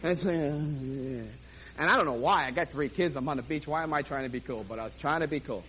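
A man's voice: a little high, fast, pushed and bright, slight background noise, poor audio. A man comedian telling a self-mocking story on stage and acting out the dialogue. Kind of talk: stand-up storytelling.

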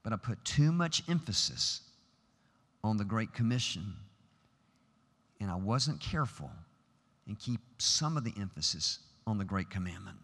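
A man's voice: lowish voice, big pitch swings, a little slow, long pauses, fairly bright tone. Emphatic male preacher in a reverberant chapel. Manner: earnest, emphatic, builds to rhetorical questions. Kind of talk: sermon. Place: large chapel. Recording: long hall reverb.

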